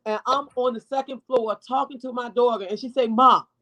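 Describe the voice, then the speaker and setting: A woman's voice: fairly high pitch, steady tone, fairly quick. A middle-aged woman speaks from the heart, raw, blunt and sometimes profane. She sounds emotional and close to tears. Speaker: mother of a hospitalized daughter, guest. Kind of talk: emotional personal testimony.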